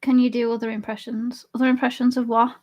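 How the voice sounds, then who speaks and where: A woman's voice: on the high side, little pitch movement, quick pace, darkish tone, highs cut off. A young woman live streamer chatting casually with her chat and laughing often while she drinks. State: drinking alcohol.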